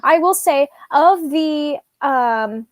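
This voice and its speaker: A young woman chatting as a livestream guest, rambling and easy to laugh. Her voice sits a bit high and sounds dry and close to the mic. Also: animated, very slow, no echo. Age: young adult. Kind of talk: casual livestream chat.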